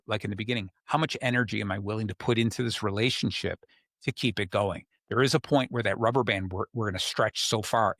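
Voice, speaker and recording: This man hosts a podcast of relaxed relationship advice, voicing the people he quotes as he goes. His voice is lowish with a touch of brightness. It's a dry, studio-quality recording.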